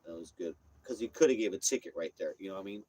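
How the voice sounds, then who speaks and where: A man's voice: sits low, lively intonation, fast, dark tone. Rambling, foul-mouthed man streaming. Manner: rambling, repetitive, swears freely. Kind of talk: casual rambling livestream chat. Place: inside a parked RV. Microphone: phone.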